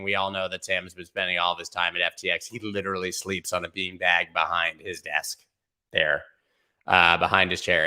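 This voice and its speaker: Bright-voiced man hosting casual crypto news. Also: lowish voice. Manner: animated, joking asides, addresses viewers as guys. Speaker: crypto news show host.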